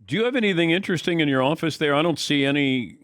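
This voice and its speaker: A man's voice: on the high side, animated, fast, fairly bright tone. A man hosting a sports talk show, teasing and needling his guest. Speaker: host.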